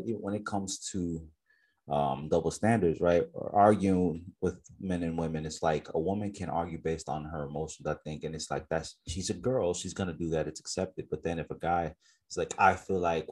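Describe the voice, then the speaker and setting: A man's voice: low-pitched, brisk, mellow, breathy edge. A man co-hosting a podcast in casual chat, reflective, full of fillers and restarts. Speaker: podcast co-host.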